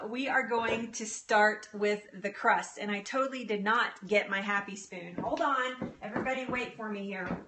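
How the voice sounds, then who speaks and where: A woman's voice: on the high side, fairly bright tone, a little hiss or hum. Bubbly woman hosting a live baking demo. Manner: bubbly and chatty, laughing often and greeting viewers; flustered, with frequent restarts and self-corrections. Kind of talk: casual live cooking demonstration. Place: small home kitchen.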